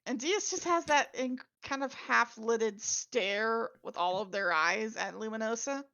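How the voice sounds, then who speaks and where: Woman game master, gravelly and slow-paced, on dull lo-fi audio. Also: fairly high pitch, sharp tone. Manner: descriptive narration. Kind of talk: narrating a tabletop game.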